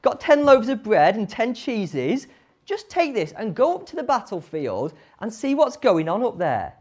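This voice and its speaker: Woman playing a brisk dad giving orders, lively pitch, children's story. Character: busy, hurried father of many sons.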